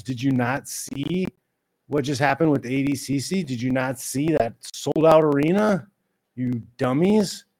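A man giving ranting commentary on a fight, exasperated and mocking, mimicking critics in a high whiny voice. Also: a little mellow. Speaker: MMA commentator.

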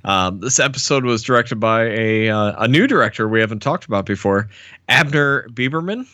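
A man's voice: fairly low pitch, normal speed, bright, forceful tone, dry recording. A man co-hosting a podcast in easygoing casual chat, often laughing and hesitating with "uh". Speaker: podcast co-host.

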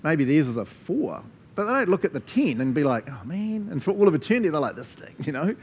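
A man's voice: a little high, sing-song, fast talker, slight background noise. A man preaching a sermon as a pastor, earnest and conversational, laughing often between asides.

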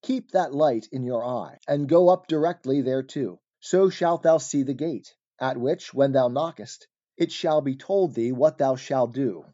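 A man's voice: medium pitch, dark tone, lo-fi sound, close to an everyday voice. Grave counselling guide, read by a man. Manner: measured, counselling, archaic speech.

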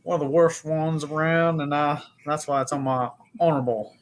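A man's voice: fairly high pitch, steady tone, normal speed. A man co-hosting a casual horror podcast, rambling and swearing freely as he talks comics and tries mock accents. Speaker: podcast co-host. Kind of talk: casual comedic chat.

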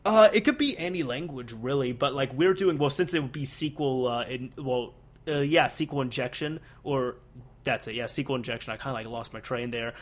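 A young man in casual chat, an animated storyteller who laughs often and uses many fillers. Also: medium pitch, a little fast.

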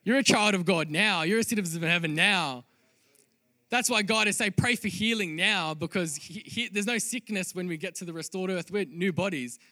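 Pastor, male, higher voice, earnest sermon delivery that swells to loud emphatic peaks. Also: moderate pace, no room sound.

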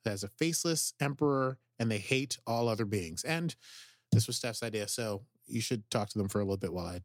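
A man co-hosting a podcast, recapping an episode in excitable, rambling casual chat full of "like". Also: lowish voice, a little fast, no room sound, studio quality. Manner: excitable, rambling, heavy use of "like". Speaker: podcast co-host.

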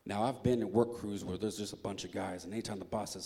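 A man preaching a sermon as a pastor, retelling a Bible story in a lively, joking storyteller's way and acting out the characters. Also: fairly low pitch, fast talker, hardly any pauses. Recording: echoey hall reverb.

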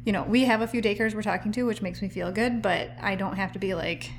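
A woman's voice: medium pitch, steady tone, fast talker, a little hiss or hum. A woman co-hosting a casual podcast chat, speaking candidly and telling stories. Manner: candid, storytelling. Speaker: podcast co-host and business owner.

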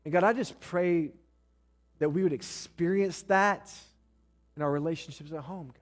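In this sermon, a man preaches to his congregation at a moderate pace, his voice on the high side. He's blunt, tosses in jokes, and plays out the lines husbands and wives say to each other.

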